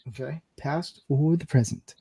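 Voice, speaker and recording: A man's voice: on the high side, a little slow, creaky, dark tone, breathy edge, faint music behind. A man hosting a casual panel chat, loose and joking, calling on each guest. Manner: loose, joking, swears freely. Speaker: podcast host.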